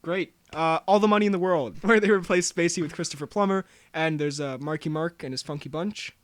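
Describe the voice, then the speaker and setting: A young man co-hosting a podcast, rambling through quick reviews with self-mocking jokes and frequent laughs. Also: fairly high pitch, dry recording. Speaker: podcast co-host. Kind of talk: casual chat, quick reviews.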